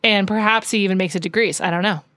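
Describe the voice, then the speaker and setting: A woman's voice: mid-range voice, fast, a bit bright, no echo, studio quality. A woman from New York co-hosting a podcast, chatting casually and rambling with lots of "like" fillers. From New York City. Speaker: podcast co-host. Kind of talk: casual chat.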